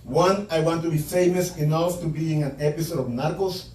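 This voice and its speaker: High-voiced man doing crude stand-up. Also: fairly quick, darkish tone, a little hiss or hum. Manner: crude, punchy joke delivery with frequent profanity. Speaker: stand-up comedian. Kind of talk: stand-up comedy set. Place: comedy club stage before a laughing audience. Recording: echoey club room, mic at a distance.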